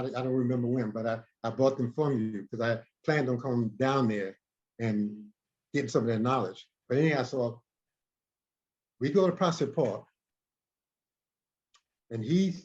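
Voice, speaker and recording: A man, a guest in an interview, telling a story in an animated way, often repeating and restarting words. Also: medium pitch. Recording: dull lo-fi recording.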